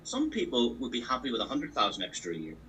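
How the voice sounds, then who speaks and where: A man's voice: mid-range voice, wildly swooping pitch, fast, sharp tone, far from the mic, slight background noise, low-quality recording. A man giving a motivational training talk on a call, emphatic and repetitive, driving his points home with sports analogies. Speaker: business opportunity trainer. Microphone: call audio.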